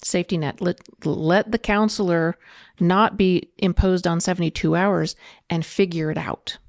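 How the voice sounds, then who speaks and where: A middle-aged woman, a podcast guest, arguing her position in an earnest, measured way. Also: fairly low pitch, fairly even intonation, gravelly, no echo, clean studio sound. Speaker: guest, political candidate. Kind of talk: debate in a podcast interview.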